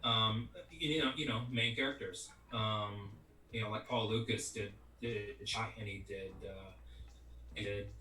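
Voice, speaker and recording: A man's voice: on the low side, steady tone, a little slow, pushed and bright, a little hiss or hum. A middle-aged man, a voice actor being interviewed, chatting casually and rambling with lots of "you know what I mean". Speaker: voice actor guest. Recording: echoey, distant mic, faint music.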